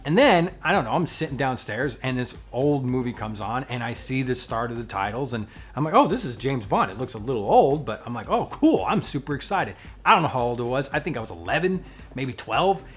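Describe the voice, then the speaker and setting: A man hosting his own vlog, chatting casually in a playful, animated way and joking about his strong opinions. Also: medium pitch, a little fast, soft background music. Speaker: vlogger and channel host.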